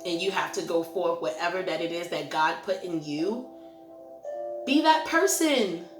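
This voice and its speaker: A woman with a lowish voice speaks at normal speed in a steady tone. As host of a Christian ministry channel, she gives a casual, encouraging talk to camera, earnest and self-reflective and prone to rambling. The recording has a roomy echo and faint music.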